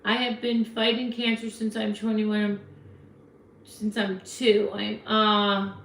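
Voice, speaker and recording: Slow, chatty woman in an echoey room. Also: medium pitch, level tone, fairly bright tone, slight background noise. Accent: New Jersey. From New Jersey. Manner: chatty, frank, talks back to viewer comments. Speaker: livestream host. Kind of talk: casual live chat reading comments.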